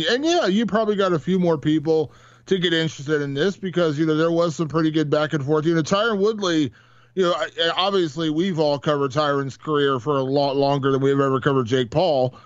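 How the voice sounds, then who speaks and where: A man's voice: on the high side, no room sound, lo-fi sound. A man co-hosting a podcast, chatting casually and rambling with many fillers and restarts. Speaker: podcast co-host. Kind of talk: casual chat.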